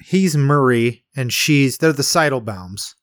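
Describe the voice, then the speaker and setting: A man's voice: mid-range voice, expressive, a little slow, a bit bright, no echo. Rambling man with a dry close sound. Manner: rambling, laughs often, acts out quotes. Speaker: podcast co-host. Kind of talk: casual movie review chat.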